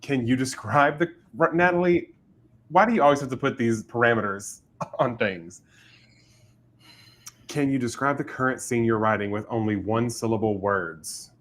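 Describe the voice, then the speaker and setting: A man's voice: mid-range voice, moderate pace, a bit bright. Giggly chatty man hosting a stream. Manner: chatty, giggly, laughs often. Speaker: livestream host and writer. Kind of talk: casual livestream chat.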